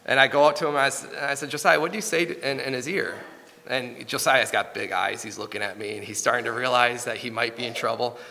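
In a large hall, a man in his thirties delivers a sermon built around a family story, speaking earnestly yet haltingly and often restarting. His mid-range voice is steady, gravelly and bright, with a forceful tone.

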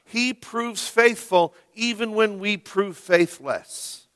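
A man preaching a sermon as the pastor of a church, slow and emphatic, leaning hard on key words. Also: high voice, smooth. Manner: slow, emphatic preaching with rising, loud stresses. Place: church sanctuary. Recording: long reverb of a church hall.

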